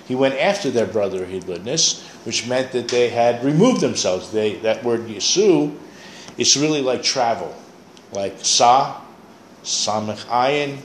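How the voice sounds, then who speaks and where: A man's voice: medium pitch, lively intonation, unhurried, a little hiss or hum. A man teaching a Bible class, explaining Hebrew words and thinking aloud as he goes. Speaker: Torah teacher. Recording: echoey room, faint ambience.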